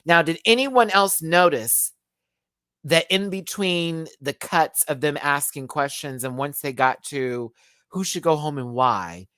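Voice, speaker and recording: A man giving a casual live review of a reality show, expressive and profane, swinging between emotional and giggly. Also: on the high side, measured pace, no echo, clean studio sound.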